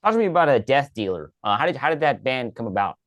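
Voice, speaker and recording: A man's voice: mid-range voice, sing-song, quick pace, fairly bright tone, no echo. Man hosting a casual interview. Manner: friendly, short prompts, laughs along. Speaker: interview host.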